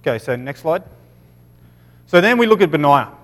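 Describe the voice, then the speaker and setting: A man with an Australian accent teaching from the Bible in a loose, chatty way, stopping often to check in and correct himself. His voice sits a little high. It rings out with the long reverb of a hall. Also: big pitch swings, normal speed, a bit bright. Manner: casual, many "okay"s, self-corrections. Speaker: preacher.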